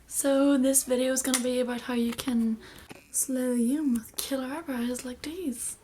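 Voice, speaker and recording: A woman's voice: high-pitched, fairly even intonation, a little slow, warm tone, slight background noise. A young woman giving a casual makeup tutorial, chatty and rambling, often dropping into a half-whisper. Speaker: beauty vlogger.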